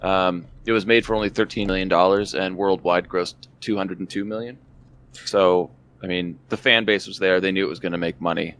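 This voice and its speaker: A man's voice: sits low, fairly even intonation, fairly quick, a bit bright, clear, resonant tone. A man in his thirties co-hosting a podcast, matter-of-fact as he runs through facts and figures. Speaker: podcast co-host. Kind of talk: casual movie review chat.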